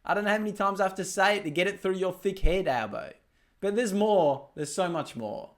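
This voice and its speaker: A man's voice: high-pitched, fairly quick. A man, ranting blunt and profane commentary over clips. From Australia. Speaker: political commentator.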